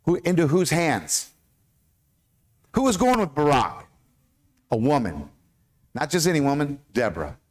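Man, American accent, pastor, sermon, lively pitch, questions the congregation. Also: unhurried, pauses often. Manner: animated, asks the congregation questions, stumbles over hard names.

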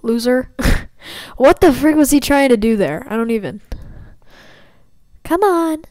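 A woman with a clear, resonant voice sits a little above the usual pitch as she narrates her own gameplay. She teases and taunts her opponents in a loose, joking way. The sound is dry, with no room echo. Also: expressive, normal speed, darkish tone. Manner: playful trash-talk at opponents. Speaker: gameplay commentator. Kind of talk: casual gaming commentary.

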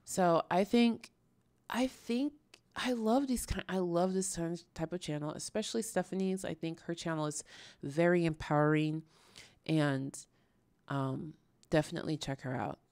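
Woman, casual reaction host, lowish voice, dry close sound, rambling and exasperated. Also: steady tone, normal speed, darkish tone, dry recording. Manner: chatty, exasperated, lots of fillers and restarts.

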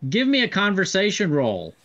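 A man narrating a tabletop game as game master, halting with fillers and laughs. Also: high voice, wildly swooping pitch, fairly bright tone. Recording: dull lo-fi recording.

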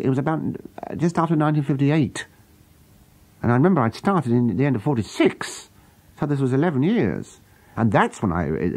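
A man's voice: medium pitch, a little mellow. A man answering questions in an archival radio interview, stammering and correcting himself emphatically.

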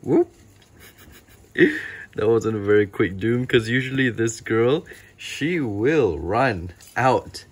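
A man keeping tarantulas, chatting casually and excitedly as he feeds them, often exclaiming and talking to the animals. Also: fairly low pitch, slow pace, pauses often, breathy edge. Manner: excitable, talks to his spiders, laughs and exclaims often. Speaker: tarantula keeper filming feedings. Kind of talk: casual vlog commentary.

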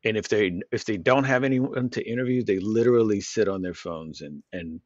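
A man's voice: on the low side, brisk, no echo, lo-fi sound. A man co-hosting an unscripted podcast, rambling and repeating words as he overanalyzes ideas aloud. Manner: overanalyzes word meanings. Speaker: podcast co-host. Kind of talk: unscripted casual chat.

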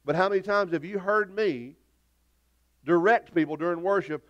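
Folksy pastor preaching. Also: male voice, sits high, brisk, fairly bright tone, smooth. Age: middle-aged. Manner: folksy, rambling storytelling with many restarts. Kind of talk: sermon. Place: church sanctuary.

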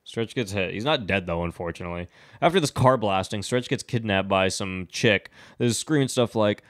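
A man's voice: lowish voice, brisk, a bit bright. A man hosting a podcast, casually recapping a movie plot in a rambling, profane way, full of fillers. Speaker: podcast host.

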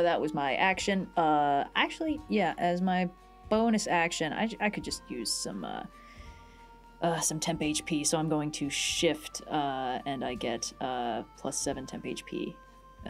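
A woman playing a tabletop game, reacting quickly and talking in an animated way. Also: deep voice, creaky, faint music behind. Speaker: player.

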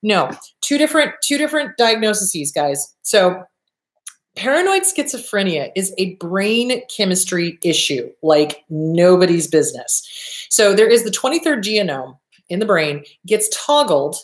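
A woman therapist hosting a show, answering viewer questions in a blunt, animated way, with casual swearing. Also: mid-range voice, a little slow.

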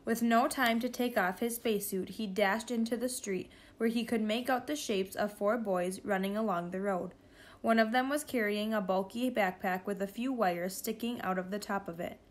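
A woman reading a children's novel aloud in a steady, expressive storytelling way. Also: medium pitch, moderate pace. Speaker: reader.

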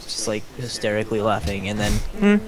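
A man's voice: fairly low pitch, very animated, fairly quick, very noisy. A man bantering with a friend during a strategy game, with dry teasing remarks. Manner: teasing, dry sarcastic jabs. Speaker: co-player friend. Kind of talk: casual gaming banter.

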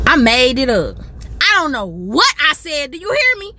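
Woman vlogger in her thirties, high bright voice, dramatic sassy storyteller, phone in a parked car with faint traffic outside. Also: very animated, normal speed. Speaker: family vlogger. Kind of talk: animated storytime vlog. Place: parked car in a store lot.

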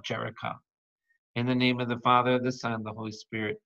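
A man's voice: medium pitch, little pitch movement, a little fast, bright, forceful tone. A man, a priest, teaching a Bible study in a playful, exclamatory way, quizzing his listeners and making sound effects. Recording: dull lo-fi recording.

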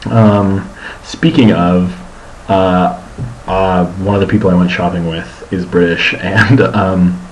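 A man's voice: low-pitched, fairly even intonation, slow pace, muffled recording, slight background noise. A young man rambling through a casual video diary about his day as a student, full of ums and restarts. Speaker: student vlogger.

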